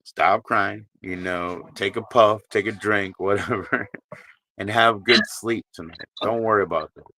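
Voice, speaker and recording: Blunt, bright-voiced low-pitched man. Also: fairly even intonation, moderate pace, a little hiss or hum. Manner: blunt, profane, consoling. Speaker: livestream host. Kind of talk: casual live stream chat. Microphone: streaming mic.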